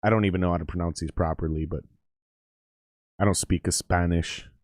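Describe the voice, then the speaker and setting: A man's voice: low voice, fairly even intonation, brisk, a little mellow, no echo, clean studio sound. A man chatting casually on a livestream, rambling and swearing with lots of fillers as he comments on a game. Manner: rambling, profane, with many fillers.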